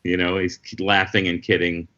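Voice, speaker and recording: A man, a guest comedian, telling lively anecdotes in casual conversation over a video call. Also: deep voice, lo-fi sound. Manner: lively anecdotal storyteller, quick asides. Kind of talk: casual storytelling chat.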